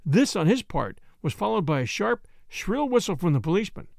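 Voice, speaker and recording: A man reading an old story aloud as an audiobook, in a high voice that rises and falls a great deal. A gravelly edge runs through his measured, expressive delivery, and the recording is dry and close. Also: dry recording. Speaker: narrator. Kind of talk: audiobook narration.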